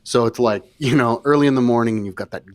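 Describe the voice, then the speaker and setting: A man co-hosting a casual podcast discussion, talking emphatically, cutting in on his partner and trailing off into low fillers. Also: quick pace, dry recording, studio quality. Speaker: podcast co-host.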